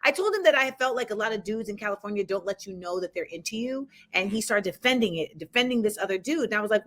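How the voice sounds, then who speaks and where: A woman hosting a podcast, telling a comic story about her own life in a lively, slangy way and acting out the people in it. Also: on the high side, fast talker, hardly any pauses. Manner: animated, acts out the people in her stories; casual slangy phrasing. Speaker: podcast host. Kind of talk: comedic personal storytelling.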